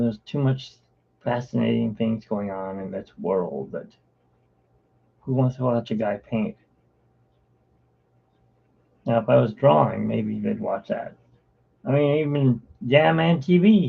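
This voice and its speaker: A man's voice: medium pitch, normal speed, creaky, breathy edge. A man chatting casually on a live art stream, rambling from one topic to the next. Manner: rambling, drifting between topics. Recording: tinny phone-like live-stream audio.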